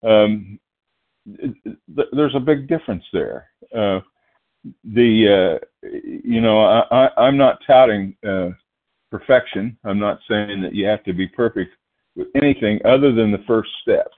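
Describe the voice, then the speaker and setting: A man from Oklahoma, a guest speaker at a phone-line recovery meeting, nervous and halting, with many fillers, restarts and throat-clearing. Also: fairly low pitch.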